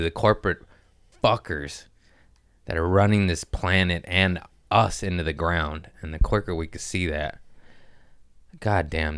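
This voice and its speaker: A man with a lowish voice rants on a podcast into a studio mic. He talks in a loud, rambling, profane way and often laughs at his own jokes. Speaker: podcast host. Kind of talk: casual profane podcast rant.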